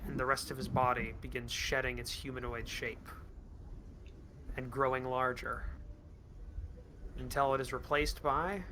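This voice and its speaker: Guy dm narrating the fight, bright clear voice, calm descriptive pacing. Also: medium pitch, unhurried, pauses often, slight background noise. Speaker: game master. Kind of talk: narrating a tabletop game.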